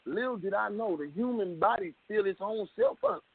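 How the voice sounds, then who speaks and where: A man guest telling his story in an animated way, full of street slang and swearing, heard on a tinny phone line. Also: high voice, normal speed, vocal fry, husky. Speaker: rapper guest. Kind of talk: phone interview.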